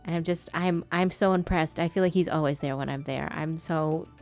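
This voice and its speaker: A woman's voice: deep voice, fairly even intonation, normal speed, darkish tone, soft background music. A woman streamer chatting casually while she draws, swearing freely and now and then putting on a polite customer-service voice.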